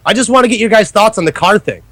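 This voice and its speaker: A man co-hosting an online show, talking in a loud, animated, swear-heavy casual chat. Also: high voice, fast talker, no echo. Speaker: podcast co-host.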